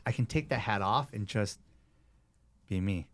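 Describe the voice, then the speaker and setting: A man's voice: fairly low pitch, a little slow. Man telling stories in a podcast interview. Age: 30s. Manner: animated, conversational storyteller. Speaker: personal trainer guest. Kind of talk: casual storytelling interview.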